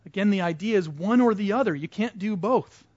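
A man's voice: high-pitched, fairly quick, a little mellow, no echo, dull audio. A man teaching a Bible study class in a conversational way, putting questions to the group and repeating their answers back to them.

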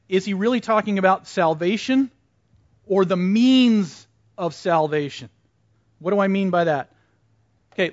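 High-voiced man teaching a Bible class. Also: no room sound, dull audio. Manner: conversational, quizzes the class and repeats back their answers.

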